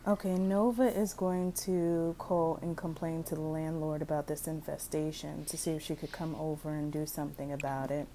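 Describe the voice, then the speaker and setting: A woman's voice: sits low, steady tone, normal speed, hardly any pauses, warm tone, a little hiss or hum, poor audio. A woman giving casual gameplay commentary, blunt and exasperated, swearing freely as she reacts. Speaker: gaming video creator.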